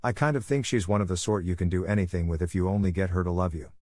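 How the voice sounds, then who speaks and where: Man reading a shy old farmer in a storybook, mild and soft-spoken, low voice. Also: fast talker, dry recording, studio quality, natural voice. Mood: gentle.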